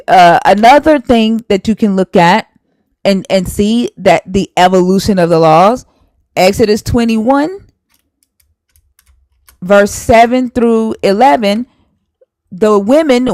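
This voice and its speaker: A woman's voice: medium pitch, darkish tone, no echo, rough recording. A woman hosting a live stream, arguing heatedly and scolding a viewer while citing scripture verses. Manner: emphatic, scolding, cites scripture.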